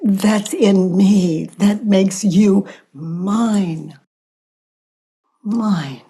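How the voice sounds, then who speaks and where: An older woman hosting a podcast, speaking softly and reflectively, often sinking into whispers between long pauses. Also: medium pitch, breathy edge. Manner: soft-spoken, drifting into whispers, long pauses. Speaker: podcast host. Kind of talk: slow reflective spiritual talk.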